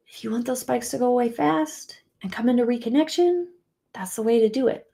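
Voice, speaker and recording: Earnest soft-spoken woman coach. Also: fairly high pitch, brisk, vocal fry. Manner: earnest, soft-spoken, shifts to whispers and emphatic outbursts. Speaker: relationship coach. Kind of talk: motivational talk to camera.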